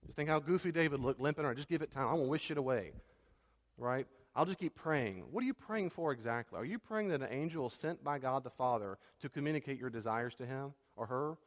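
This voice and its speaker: A man's voice: mid-range voice, brisk, in a large hall. A middle-aged man preaching a sermon as a pastor, talking conversationally and repeating key phrases.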